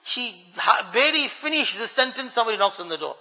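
Bright high-voiced man preaching in a hall. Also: fast talker. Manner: animated storyteller addressing the congregation as brothers. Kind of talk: storytelling sermon. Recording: dull lo-fi recording with long hall reverb.

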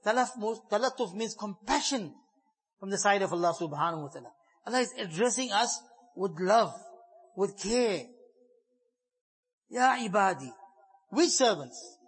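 Male preacher, high husky tone, emphatic sermon delivery that swings between fervent stress and hushed passages. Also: lively intonation, moderate pace, long pauses. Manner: emphatic, swelling to fervent stress, then dropping soft and low. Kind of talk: sermon explaining scripture.

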